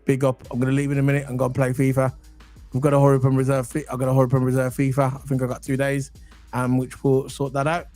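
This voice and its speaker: A man co-hosting a casual football podcast, excitable and chatty, full of slang. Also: medium pitch, fast, soft background music. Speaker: podcast co-host.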